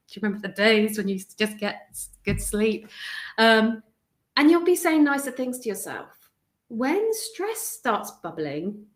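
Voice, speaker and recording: A woman, a stress coach giving a live video talk to an online group from her home, chatty and prone to digressing and interrupting herself. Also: fairly high pitch. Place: home room indoors, windows rattling in a storm. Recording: echoey room.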